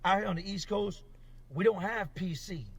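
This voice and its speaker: A man casually telling a rambling, animated story about his time in jail. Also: high-pitched, moderate pace, vocal fry, breathy edge, distant mic.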